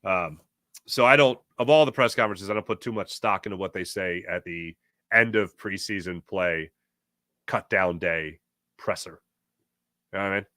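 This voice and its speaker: Hosting a relaxed sports talk show, a man reads viewer comments and spins stories, animated and chatty and quick to laugh. His low voice moves at a moderate pace with long pauses, in a clean studio recording with no room sound.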